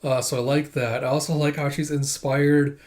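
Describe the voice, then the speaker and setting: A man giving relaxed, rambling thoughts on a comic he just read, with lots of fillers. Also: fairly high pitch, moderate pace. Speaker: comic readthrough host. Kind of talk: casual reading commentary.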